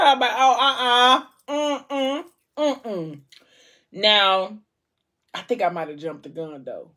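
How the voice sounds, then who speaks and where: A woman's voice: mid-range voice, husky. A young adult woman casually retelling a story, chatty and acting out the characters' quoted lines.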